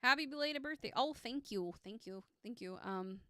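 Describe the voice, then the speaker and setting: A woman's voice: fairly high pitch, expressive, normal speed, fairly bright tone, dry recording. A woman in her thirties chatting casually on a live stream as a tarot reader. She rambles and teases herself, with lots of fillers and restarts. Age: 30s. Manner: rambling and self-teasing, with many fillers and restarts.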